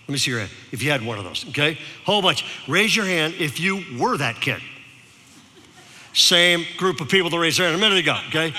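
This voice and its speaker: A man's voice: on the high side, brisk, big-room sound. A male pastor preaching a sermon, telling a story and drawing in his audience. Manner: storytelling, animated, engages the audience.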